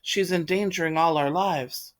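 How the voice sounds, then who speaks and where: A woman reading the part of an irritable, fussy middle-aged man in a play read aloud, in a sharp, scolding voice. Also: fairly low pitch, normal speed, close to an everyday voice. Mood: complaining. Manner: sharp, scolding, loud complaints.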